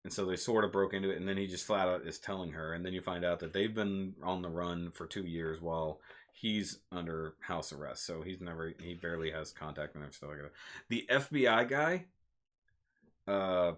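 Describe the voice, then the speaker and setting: A man hosting a casual live stream, chatting about movies in an animated, rambling way. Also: sits low, moderate pace. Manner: animated, rambling, laughs at himself. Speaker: movie reviewer, channel host.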